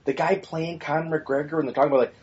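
A man's voice: on the high side, steady tone, quick pace, darkish tone, lo-fi sound. A man co-hosting a podcast in casual, opinionated chat, blunt and swearing freely with rambling asides. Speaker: podcast co-host.

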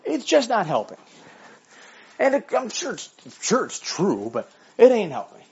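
A man with a slightly high, husky voice rants bluntly and swears constantly, his pitch swinging widely as he argues. He talks while walking his dog, and the recording sounds dull and lo-fi. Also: wildly swooping pitch, unhurried. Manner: profane, blunt and argumentative. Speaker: vlogger. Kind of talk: casual ranting monologue.

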